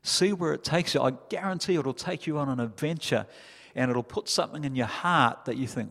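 Impassioned New pastor in a reverberant hall. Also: male voice, a little high, fairly quick, creaky. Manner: impassioned preaching, builds to loud climaxes. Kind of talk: sermon. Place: church hall.

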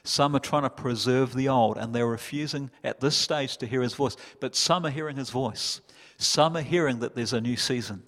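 Impassioned New pastor in a reverberant hall. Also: male voice, medium pitch, normal speed. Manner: impassioned preaching, builds to loud climaxes. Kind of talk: sermon. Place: church hall.

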